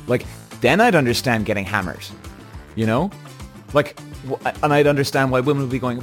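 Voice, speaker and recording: A man's voice: mid-range voice, animated, moderate pace, faint music behind. A man hosting his own podcast, ranting bluntly and heatedly, swearing often and correcting himself as he goes. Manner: restless, self-correcting. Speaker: podcast host. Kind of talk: solo podcast rant.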